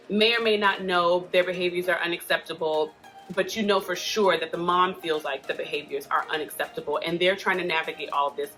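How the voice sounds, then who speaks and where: A woman's voice: on the low side, bright, forceful tone. A woman hosting a casual advice talk, speaking in a chatty, earnest way with frequent asides. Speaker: host giving parenting support advice.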